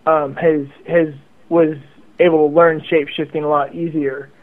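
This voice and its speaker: A man's voice: fairly high pitch, little pitch movement, moderate pace. A man telling a story as a guest over the phone, rambling and repeating words. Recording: tinny phone line.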